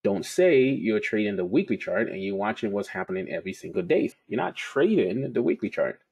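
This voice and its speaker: A man's voice: fairly low pitch, sing-song, brisk, gravelly, darkish tone, husky. A man teaching about trading in a casual, conversational way, telling stories and repeating his key points. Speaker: trading educator.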